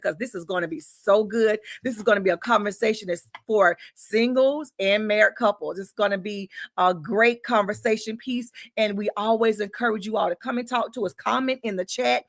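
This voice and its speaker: Effusive gravelly-voiced woman talk show host. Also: mid-range voice, no echo, clean studio sound. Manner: effusive, churchy, addresses viewers as y'all. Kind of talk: upbeat live-stream talk show hosting.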